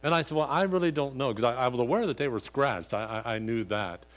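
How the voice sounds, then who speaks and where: A man's voice: medium pitch, fast. Folksy older man preaching a sermon. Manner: rambling, lots of "you know", animated when retelling. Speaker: pastor. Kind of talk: sermon with folksy personal story.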